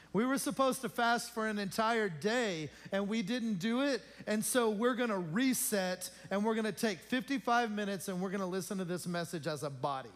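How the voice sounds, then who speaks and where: Chatty male pastor with a high voice, joking with his congregation during church announcements. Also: a bit bright. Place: church sanctuary.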